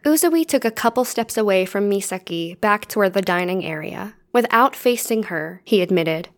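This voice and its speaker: A woman's voice: mid-range voice, animated, moderate pace, few pauses. A woman podcast co-host reading fan fiction aloud in a cheerful way. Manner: cheerful, giggly.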